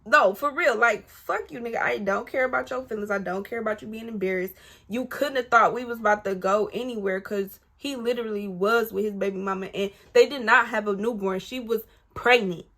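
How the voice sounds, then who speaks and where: Speaking fairly quickly in a slightly high voice, a woman shares a personal story with her audience in casual storytime-vlog style. Her delivery is animated, profane and direct, and she voices other people's lines as the story unfolds.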